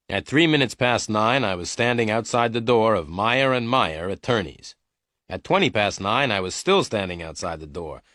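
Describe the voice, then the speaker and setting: A man narrating a story for learners in a lowish, expressive voice. He reads slowly and clearly, and the recording is dry and close. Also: dry recording.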